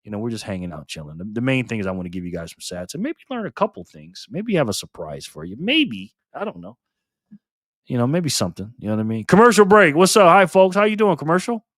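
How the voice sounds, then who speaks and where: An older man hosting a casual live stream, greeting viewers by name, loud and cheerful one moment and low and quiet the next. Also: huge pitch swings, fast talker, no echo, clean studio sound.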